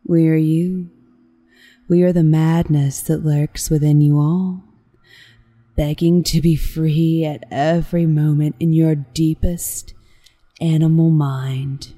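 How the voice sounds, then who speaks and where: A sinister test subject, torn apart and grinning, who speaks as madness itself, voiced by a woman. The voice is slow, low and menacing, a touch deeper than ordinary talk. Each line is pushed out with heavy, deliberate force. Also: little pitch movement, dark tone.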